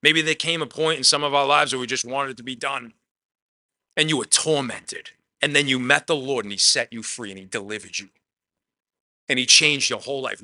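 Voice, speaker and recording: A man preaching a conversational sermon, swinging between emphatic loud lines and quiet asides, often dropping "man" into his talk. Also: mid-range voice. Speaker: pastor.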